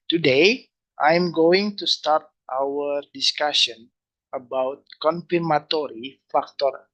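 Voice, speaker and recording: A man lecturing, speaking haltingly and repeating phrases. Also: a little high, a bit bright, highs cut off. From Indonesia. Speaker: university lecturer. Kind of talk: webinar lecture.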